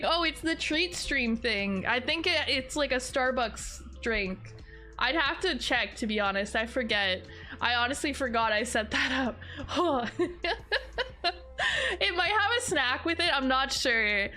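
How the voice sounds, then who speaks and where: A young woman streaming at her desk, chatting with viewers in a loose, rambling way and often breaking into high laughter. Her voice sits a little high and rings bright and sharp. Soft music plays behind her. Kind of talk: casual live-stream chat.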